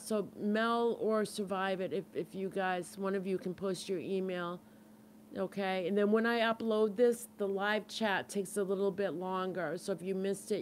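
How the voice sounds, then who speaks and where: A woman's voice: mid-range voice, steady tone, moderate pace, a little hiss or hum. A middle-aged woman with a Boston accent hosting a support group livestream in casual, earnest chat, answering viewers' comments and urging them on. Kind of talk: casual live-stream chat.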